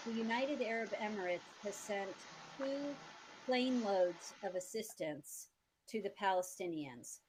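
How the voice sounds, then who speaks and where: A woman's voice: medium pitch, noisy background. An American woman, a former diplomat, answering interview questions in an earnest storytelling way, stressing key words. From United States.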